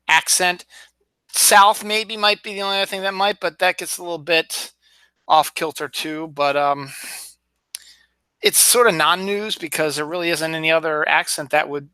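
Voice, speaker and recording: A podcast host alone at home runs through news items in a casual solo chat, rambling with many fillers and restarts. His fairly high voice is bright, forceful, clear and resonant, with no echo.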